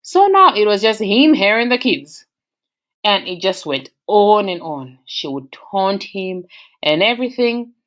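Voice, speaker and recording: A woman with an Australian accent telling a personal relationship story in a casual, animated way, jumping in pitch for emphasis. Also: measured pace.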